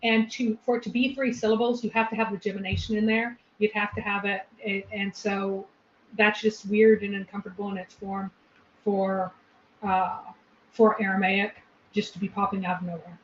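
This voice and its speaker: A woman's voice: mid-range voice, level tone, moderate pace, a little hiss or hum. A woman co-host explaining a point patiently and walking through examples in a casual discussion. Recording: echoey, lo-fi room recording.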